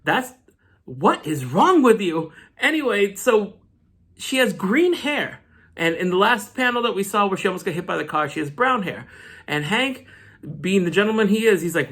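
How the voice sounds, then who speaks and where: A man's voice: high-pitched, very animated, normal speed, a bit bright. Joking, slangy male comic reviewer. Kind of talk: casual comic recap vlog.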